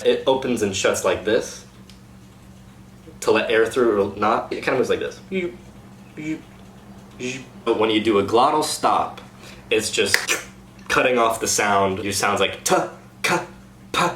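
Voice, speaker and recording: A man coaching a cast on dialect sounds in an upbeat, casual way, slowing down to demonstrate each sound. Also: on the low side, a bit bright. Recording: echoey room, faint noise.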